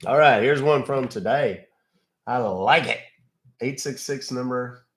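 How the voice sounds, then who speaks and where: A man's voice: medium pitch, measured pace, a little hiss or hum. A man hosting a live stream, chatting casually in a folksy, rambling way with plenty of "uh"s and mild exclamations. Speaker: live-stream host baiting scam callers.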